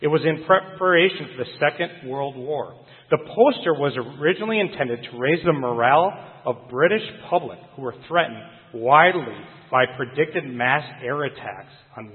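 A man preaches with earnest emphasis, drawing out the key phrases slowly. His voice sits at a medium pitch. It carries the long reverb of a large hall and comes through a narrow, phone-like channel. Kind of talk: sermon.

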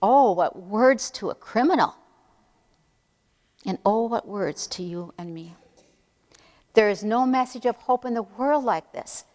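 A woman preaching a sermon in an earnest, emphatic way, slowing down to stress key phrases. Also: mid-range voice, animated, a little mellow, in a large hall.

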